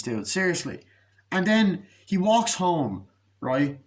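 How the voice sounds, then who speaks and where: A young man giving a casual, profane movie review, ranting and acting out scenes in quick put-on voices. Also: high-pitched, sing-song.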